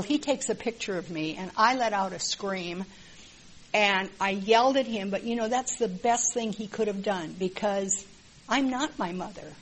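An older woman from the Midwest shares her story at a group meeting in a frank, wry way. She talks at an everyday middle pitch, with plenty of ums and "you know"s. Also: rough recording. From American Midwest. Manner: plain, candid and wry, with many filler words. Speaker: support group member sharing. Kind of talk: personal testimony at a group meeting.

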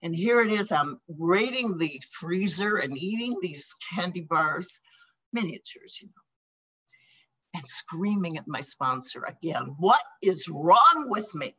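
An older American woman sharing her personal recovery story at a meeting, emotional and halting, with laughs and sighs between thoughts. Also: fairly low pitch, expressive, a bit bright, breathy edge, rough recording. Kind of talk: personal testimony.

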